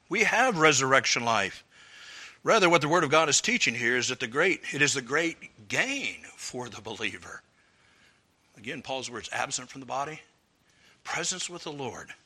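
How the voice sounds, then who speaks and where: A man's voice: medium pitch, animated, moderate pace, bright, forceful tone. A man preaching an expository sermon, earnest and emphatic, building up through repeated phrases. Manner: earnest, emphatic, with swelling repetitions.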